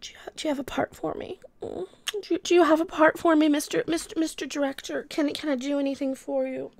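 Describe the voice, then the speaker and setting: A woman's voice: high voice, little pitch movement, fast, creaky, darkish tone, no echo, clean studio sound. A woman whispering as a coy young actress at an audition, in whispered role-play.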